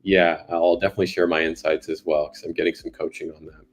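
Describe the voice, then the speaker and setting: This man has a low voice with little pitch movement and talks quickly. As an interview guest discussing sales, he keeps the conversation loose and talky, with plenty of fillers.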